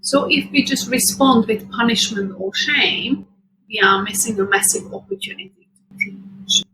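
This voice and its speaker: A woman hosting a parenting show, giving scripted advice in a calm, measured, reassuring way. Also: a little high, slight background noise, poor audio. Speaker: podcast host.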